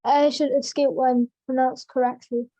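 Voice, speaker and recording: Student, woman, high mellow voice, hesitant read-aloud, dull lo-fi video call audio. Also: flat delivery, moderate pace. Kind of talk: reading aloud.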